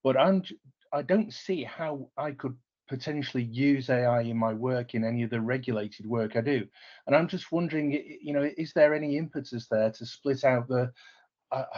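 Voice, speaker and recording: A man's voice: mid-range voice, a little mellow. Stammering man on dull video-call audio. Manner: earnest, stammering restarts. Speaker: audience member asking a question. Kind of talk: question in an online Q&A.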